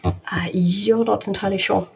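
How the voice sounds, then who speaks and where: A woman's voice: mid-range voice, fairly even intonation, normal speed, vocal fry, mellow, breathy edge. A woman narrating as game master of a tabletop game, hesitant, with many ums and restarts. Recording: dull lo-fi recording.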